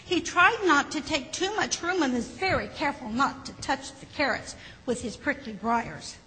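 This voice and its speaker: A woman reading a children's story aloud, gently and expressively. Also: high voice, moderate pace. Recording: hall with faint background noise.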